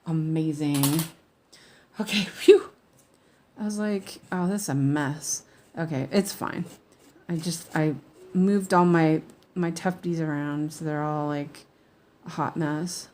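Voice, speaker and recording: A woman's voice: deep voice, slow, pauses often, mellow, a little hiss or hum. A woman chatting casually while she stitches, often mumbling to herself as she works and laughing at her own mistakes. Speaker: cross-stitch crafter. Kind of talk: casual stitch-along chat.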